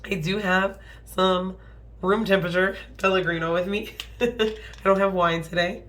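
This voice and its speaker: A young woman's voice, low and worn down by a cold, hoarse and slightly nasal. She chats her way through a household budget in a loose, rambling way. She apologizes often and trails off into fillers. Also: fairly even intonation, a little slow, fairly bright tone, a little hiss or hum. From American Midwest. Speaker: budgeting channel host. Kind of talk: casual budgeting walkthrough.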